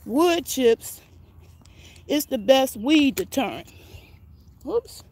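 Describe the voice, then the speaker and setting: A woman's voice: high-pitched, animated, very slow, darkish tone. An older woman, out of breath, chatting folksily as she walks viewers through her backyard garden outdoors on a phone. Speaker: gardening vlogger. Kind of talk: casual walking garden tour.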